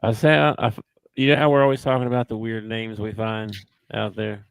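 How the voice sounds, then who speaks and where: A man's voice: on the low side, little pitch movement, brisk, creaky, smooth, no room sound. A man co-hosting a sports podcast, talking in an easygoing, chuckling casual way. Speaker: podcast co-host. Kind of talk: casual chat.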